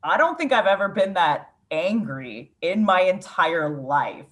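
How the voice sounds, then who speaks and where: Reflective woman poet, slightly low voice. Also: very animated, a little slow. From Ukraine. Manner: reflective, candid, frequent "like" fillers. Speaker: poet, interview guest. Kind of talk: casual interview storytelling.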